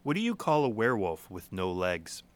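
A man's voice: fairly low pitch, big pitch swings, fairly quick, a little hiss or hum. A young man co-hosting a podcast in casual chat, joking, laughing often and stumbling over repeated words. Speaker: podcast co-host.

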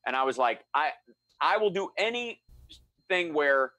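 A middle-aged man telling a story in a relaxed chat, animated and acting out the voices of the people he quotes. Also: fairly high pitch, measured pace, no echo. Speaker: guest storyteller.

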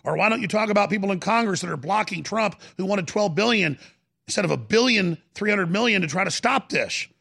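A man's voice: high voice, lively intonation, brisk, vocal fry, bright, forceful tone, husky. A man hosting a talk radio show, ranting fervently and often repeating himself, taking callers.

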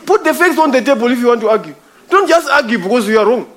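A man's voice: extremely high pitch, animated, fast talker, fairly bright tone. A man preaching a sermon, emphatic and repetitive, calling his listeners brother. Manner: emphatic, repeats phrases, addresses listeners as brother.

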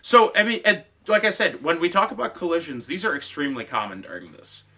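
A man co-hosting a casual history chat, profane and quick to laugh and jump into bits. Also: fairly high pitch, big pitch swings, bright, forceful tone. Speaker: podcast co-host.

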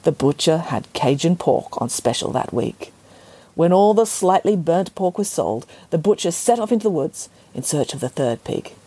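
A woman reads a children's storybook aloud in a playful, expressive way. Her pitch rises and falls freely, and her voice has a soft, breathy texture. She sounds close to the mic, with no room echo. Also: moderate pace. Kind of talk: storybook narration.

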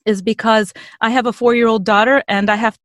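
An energetic woman in her thirties, a voiceover artist chatting as a podcast guest. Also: fairly high pitch, fairly quick, dry recording, studio quality. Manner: energetic, upbeat, laughs easily. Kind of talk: casual interview chat.

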